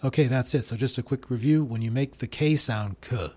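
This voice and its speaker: A man teaching English pronunciation, explaining slowly and demonstrating each sound deliberately. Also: medium pitch, mellow, dry recording. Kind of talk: instructional explanation.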